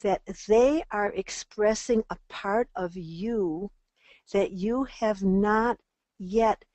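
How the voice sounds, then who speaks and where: An older woman teaching an online parenting class, lively and animated, often acting out the voices of parents and children. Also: mid-range voice, slow pace, no echo. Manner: animated, acts out quoted voices.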